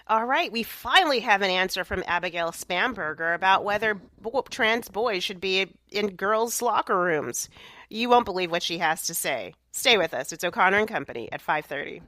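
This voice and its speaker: A woman co-hosting a political talk radio show, delivering a brisk tease before a break. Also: mid-range voice, expressive, sharp tone, dry recording. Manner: brisk show teases, frequent backchannel agreement. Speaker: radio co-host. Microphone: studio microphone.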